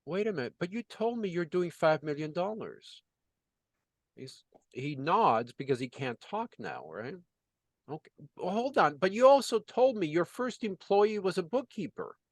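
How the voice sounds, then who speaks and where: A man's voice: high voice, sing-song, a little slow, no echo. A man working as a business consultant, telling a story in conversation and acting out the dialogue with lots of "you know" fillers.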